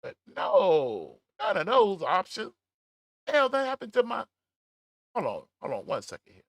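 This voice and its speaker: A middle-aged man hosts a casual stream and reads the chat aloud, laughing and stretching words out for emphasis. His voice sits a little high and swings widely in pitch. The sound is dry and close. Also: gravelly, dry recording. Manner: animated, laughing, drawn-out emphasis. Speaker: livestream commentary host. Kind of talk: casual commentary reading live chat. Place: at home, smoking a cigar.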